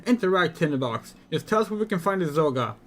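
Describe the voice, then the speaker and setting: A man's voice: on the high side, sing-song, quick pace, a bit bright. A man voicing a brash, impatient adventurer companion who talks bluntly with folksy slang. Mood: scornful.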